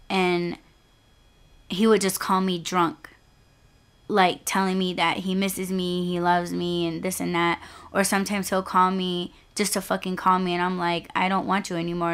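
A woman's voice: on the low side, little pitch movement, normal speed, fairly bright tone, clear, resonant tone. A young woman hosting her own podcast, telling a personal story in a casual, chatty way, swearing freely and leaning hard on "like" and "you know". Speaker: podcast host.

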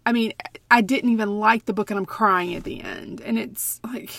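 A woman's voice: medium pitch, fairly even intonation, normal speed, creaky, a bit bright, dry recording, clean studio sound. A woman talking bluntly and emphatically in a casual book chat, often repeating herself to make a point.

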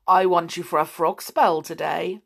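A woman's voice: steady tone, moderate pace, creaky. A woman doing a gloating old bearded wizard. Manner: booming, gloating.

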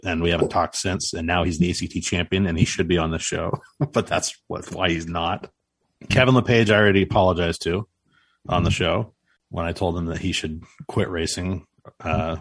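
A man with a very deep voice co-hosts a casual podcast. He tells rambling, self-deprecating stories. The sound is dry and close. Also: slightly rough, dry recording. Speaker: podcast co-host. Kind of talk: casual storytelling.

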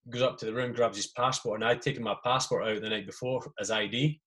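A man hosts a podcast and tells old army stories in casual talk. He swears freely and acts out the voices of the people in his anecdotes. His voice sits at an average pitch. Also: fairly even intonation, fast talker, a bit bright. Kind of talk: casual storytelling.

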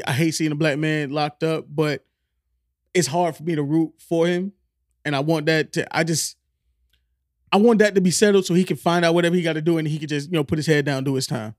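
A man's voice: fairly high pitch, no room sound, clean studio sound. A man co-hosting a podcast, chatting casually and joking with loose, profane banter. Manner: joking, loose, swears freely. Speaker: podcast co-host. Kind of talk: casual chat.

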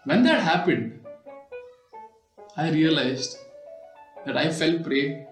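A man's voice: on the high side, lively intonation, slow pace. A man hosting his own show, explaining an idea through a personal story in a casual, conversational way with lots of "you know" asides. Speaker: podcast and video host. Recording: echoey room with faint music.

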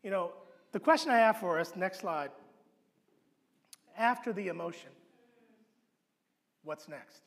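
A man preaching a sermon as pastor, telling the story with animated acted-out voices and dropping to a low hush for emphasis. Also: normal speed, gravelly, pauses often. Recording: long hall reverb.

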